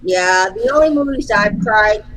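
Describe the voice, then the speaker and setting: A woman's voice: medium pitch, lively intonation, unhurried, a bit bright. Woman just hanging out chatting on a stream, loose and trailing off, faint hum behind her. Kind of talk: casual late-night chat.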